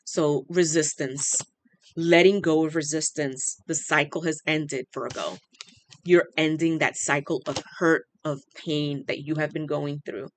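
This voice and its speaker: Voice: medium pitch, fairly even intonation, a little slow, a little hiss or hum. A tarot reader giving an unscripted channeled reading, earnest and repetitive, often stopping in awe and saying they are overwhelmed.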